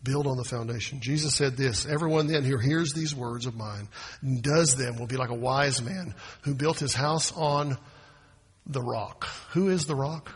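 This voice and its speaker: A man preaching a sermon as pastor, swinging from quiet asides to loud, emphatic proclamations. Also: medium pitch, moderate pace, slightly rough. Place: church sanctuary. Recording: long hall reverb.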